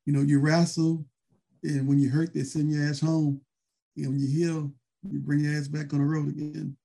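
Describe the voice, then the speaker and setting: Mellow-voiced rambling former wrestler. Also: male voice, fairly high pitch, little pitch movement, moderate pace, vocal fry. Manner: rambling, peppered with fillers. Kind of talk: casual storytelling interview.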